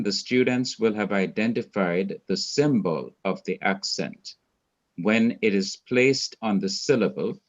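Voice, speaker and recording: A man with a Jamaican accent teaching a class, going through his points slowly and one by one. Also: lowish voice, dull audio. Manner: slow, methodical, lists points one by one. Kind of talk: recorded class lecture.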